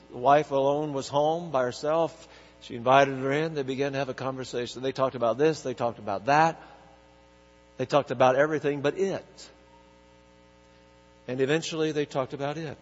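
A male pastor preaching a sermon, telling a story in an earnest way with pauses. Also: on the high side. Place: large church sanctuary. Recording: echoey hall with dull, humming sound.

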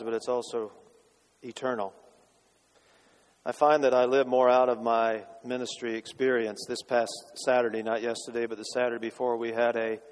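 A pastor's sermon echoes with long reverb across the sanctuary as he speaks in a moderate pitch. He dramatically alternates between forceful proclamations and quiet, pointed rhetorical questions to the congregation.

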